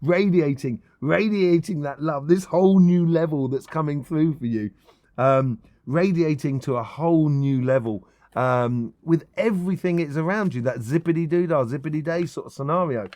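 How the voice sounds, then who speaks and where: A middle-aged man talks through a tarot spread in an excited, meandering way, full of ums and restarts. His voice sits somewhat high for a man. The sound is dry and close, with almost no room echo. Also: moderate pace. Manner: enthusiastic and rambling, many ums and restarts. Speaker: tarot reader. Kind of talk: casual tarot reading monologue.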